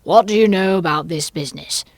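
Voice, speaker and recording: A woman's voice: fairly low pitch, a little fast, dry recording. A woman voicing a foolish, blustering male king in an audiobook. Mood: pompous.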